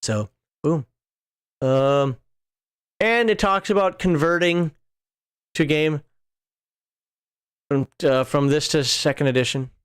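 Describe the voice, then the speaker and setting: A man's voice: fairly high pitch, slow, long pauses, smooth. A man hosting a show, reading rules aloud and wandering off into chatty asides. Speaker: podcast host. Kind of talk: casual rules walkthrough.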